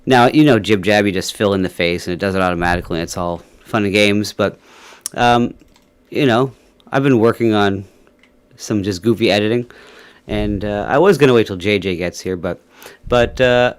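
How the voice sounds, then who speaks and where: A man's voice: on the low side, moderate pace, clean tone. A man hosting a casual livestream, rambling with many fillers and little chuckles. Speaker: livestream host. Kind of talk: casual chat.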